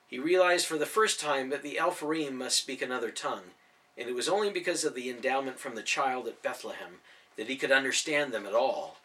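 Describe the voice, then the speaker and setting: Animated male storyteller, bright voice. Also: medium pitch, fairly quick, recorded from a distance. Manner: animated, expressive. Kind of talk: reading a children's novel aloud.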